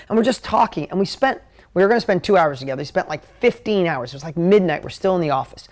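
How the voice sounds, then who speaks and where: A man teaching a live motivational talk at a whiteboard, energetic, emotional and conversational. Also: sits high, fast talker. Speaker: motivational business coach.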